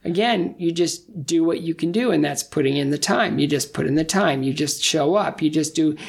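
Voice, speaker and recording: A middle-aged man, guesting on a casual interview, tells stories with self-deprecating humor. His voice is fairly high and creaky, at a moderate pace.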